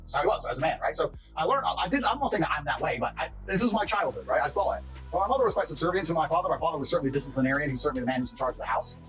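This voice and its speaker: A man's voice: on the high side, expressive, racing, fairly bright tone, faint music behind. A man telling stories about his family in an interview, blunt and brash and swearing freely. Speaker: interviewee in archived clips. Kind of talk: storytelling interview talk.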